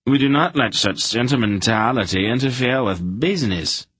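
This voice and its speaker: A man voicing a townsman with a rather high-pitched, nasal voice. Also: animated, moderate pace, a bit bright, husky, dry recording, rough recording. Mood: haughty.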